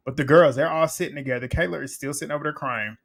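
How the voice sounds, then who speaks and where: A man's voice: a little high, fast, gravelly, a bit bright. A man giving a casual recap of a reality TV episode, chatty and blunt, swearing freely and laughing often as he acts out what people said.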